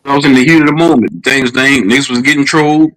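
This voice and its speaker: A man's voice: medium pitch, fairly even intonation, quick pace, fairly bright tone, rough recording. A man with a Southern US accent hosting a livestream chat, boisterous, profane and joking. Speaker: livestream host.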